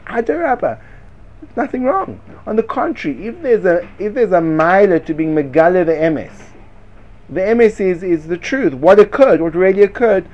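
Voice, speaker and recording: A man teaching Torah in a lively, argumentative discussion, firing rhetorical questions and sprinkling Hebrew and Yiddish yeshiva terms into his speech. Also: sits high, dull audio. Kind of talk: lively Talmudic-style discussion.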